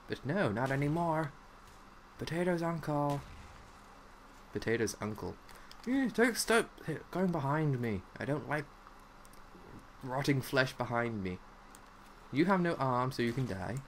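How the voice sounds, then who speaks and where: A man's voice: fairly high pitch, expressive, a little slow, long pauses, slight background noise. A young man giving rambling, silly live commentary while playing a zombie game, hopping from one odd topic to the next. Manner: rambling, silly, jumps between topics, lots of "like". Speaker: gaming commentator.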